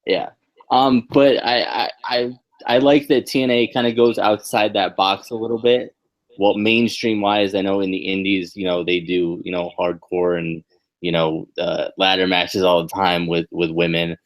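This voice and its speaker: Lower-voiced guy cohosting a wrestling podcast, lots of you knows and ums. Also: moderate pace. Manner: hesitant with many fillers, gets loud and incredulous when excited. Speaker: podcast co-host. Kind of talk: casual wrestling review chat.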